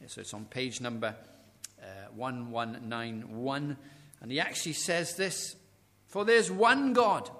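A man preaching a sermon, dramatic, swinging from loud declarations to hushed near-whispers and retelling stories with quoted dialogue. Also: fairly high pitch.

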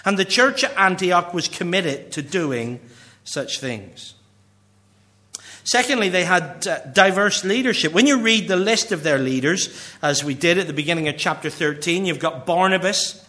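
A middle-aged man from Northern Ireland with a Northern Irish accent, preaching a sermon in an earnest way, slowing for emphasis and dropping quiet at the ends of phrases. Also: high-pitched, expressive. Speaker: pastor.

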